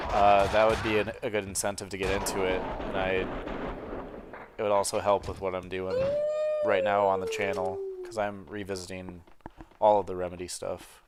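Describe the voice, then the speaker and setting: A man's voice: lowish voice, very noisy. A young man who hosts a video channel, chatting casually on a voice call, hesitant and eager, with many fillers. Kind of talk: casual chat over a voice call.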